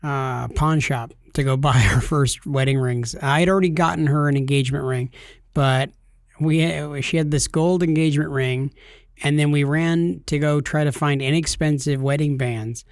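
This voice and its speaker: Highish male podcast co-host, playful, dry studio sound. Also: steady tone, normal speed, no echo. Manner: jokey storyteller, talks in bursts. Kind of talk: casual podcast chat.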